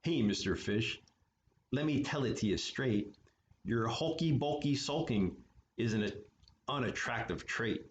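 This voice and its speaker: A man's voice: medium pitch, lively intonation, measured pace, reverberant, slight background noise, close to an everyday voice. A man voicing a blunt, straight-talking male octopus in a storybook reading.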